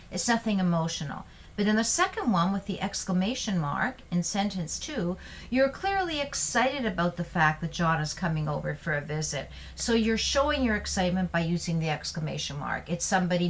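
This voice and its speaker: A woman teaching English punctuation in an online lesson, explaining clearly and reading example sentences aloud with emphasis. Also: lowish voice.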